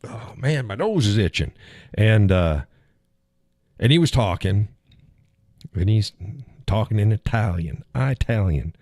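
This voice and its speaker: Man host, very low and mellow voice, rambling casual livestream chat with frequent chuckles. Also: lively intonation, measured pace, pauses often, dry recording, clean studio sound. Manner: rambling, chuckles often, answers chat viewers. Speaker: live stream host.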